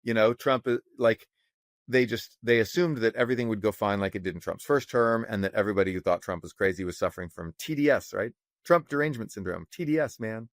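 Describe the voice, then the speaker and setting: A man co-hosting a casual podcast on economics, talking in an animated, sarcastic way and swearing freely. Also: lowish voice, quick pace, no room sound, studio quality. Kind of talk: casual opinionated chat.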